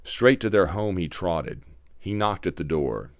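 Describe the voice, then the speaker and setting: A man narrating a fairy tale in a measured, dramatic storybook reading. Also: deep voice, expressive, no room sound, studio quality.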